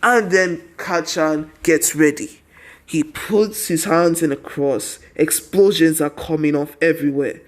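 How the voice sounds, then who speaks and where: A man's voice: fairly high pitch, steady tone, a little slow. A tired young man casually narrating a fan story, rambling with constant 'and then' and 'he's like'.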